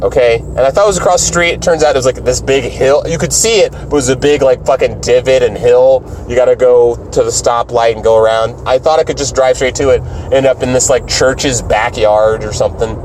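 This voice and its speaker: A man tells a rambling story while he drives, swearing freely and acting out the people in it. His voice sits at an ordinary middle pitch. A faint hum of the car and the street stays under his talk. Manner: profane, animated storytelling, acts out other voices. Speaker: stand-up comedian vlogger. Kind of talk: casual driving vlog storytelling.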